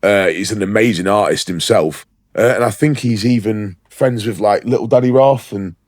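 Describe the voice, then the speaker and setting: A man's voice: fairly low pitch, darkish tone, no echo. Chatty man, dry close sound. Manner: chatty, lots of ums, quick laughs. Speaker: podcast co-host, show organiser. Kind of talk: casual chat.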